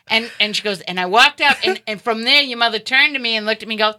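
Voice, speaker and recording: A woman hosting a casual chat, telling animated stories and acting out the people she quotes. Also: a little high, fast, few pauses. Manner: animated storyteller, acts out quotes.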